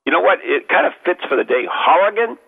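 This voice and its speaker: A man's voice: high voice, very animated, fast talker, creaky, slightly rough. An older man hosting a radio talk show, joking and rambling with many restarts. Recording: tinny phone-like radio audio.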